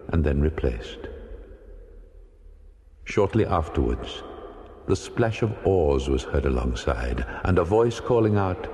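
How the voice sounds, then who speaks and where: A deep-voiced man reads a classic sea novel aloud with measured, dramatic pacing. His voice rings through a long reverb tail, as if in a large hall. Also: dark tone. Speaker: audiobook narrator. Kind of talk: scripted narration of a classic novel.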